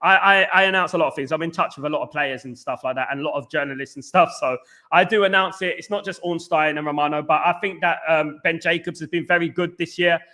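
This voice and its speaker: With a Northern English accent, a man hosts a relaxed football fan livestream, reading out viewer comments and giving shout-outs again and again. His pitch is fairly high and he talks fast.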